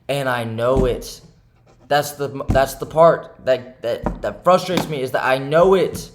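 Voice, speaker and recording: A man's voice: mid-range voice, moderate pace, slight background noise. Frustrated young man venting to camera. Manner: repetitive, keeps asking "right?", swings between heated and subdued. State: frustrated and upset. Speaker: day trader and channel host. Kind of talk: frustrated self-talk to camera.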